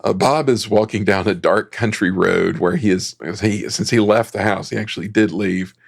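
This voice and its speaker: Low, gravelly man recapping a film. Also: steady tone, moderate pace. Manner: chatty, laughing, many ums. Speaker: film society co-host.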